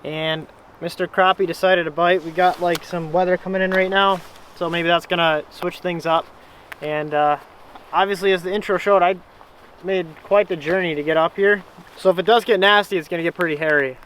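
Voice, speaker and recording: A man's voice: high voice, steady tone, normal speed, fairly bright tone, a little hiss or hum. Chatty young man fishing from a boat. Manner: chatty, self-deprecating, explains his tactics. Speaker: fishing vlogger. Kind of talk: casual fishing vlog commentary. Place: outdoors on a lake in a small boat. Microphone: action camera on his chest.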